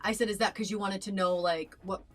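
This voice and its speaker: A young woman talks through a personal story in an earnest, meandering way, restarting her sentences and leaning on fillers. Her voice sits at an ordinary middle pitch. Faint music plays behind her. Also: steady tone, a little fast. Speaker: reaction channel co-host. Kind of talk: casual chat.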